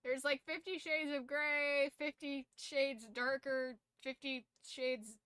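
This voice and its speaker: A woman's voice: high-pitched, steady tone, takes it slowly, sharp tone, dry recording. A tired woman streamer chatting casually late at night, rambling loosely and swearing now and then.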